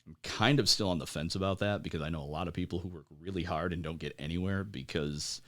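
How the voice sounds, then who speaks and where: A man in his forties, an American military veteran, telling his story as a podcast guest in a halting way, with lots of fillers and wry laughs. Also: sits low, a bit bright. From United States. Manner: halting, many fillers, laughs at grim moments. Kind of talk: conversational interview storytelling.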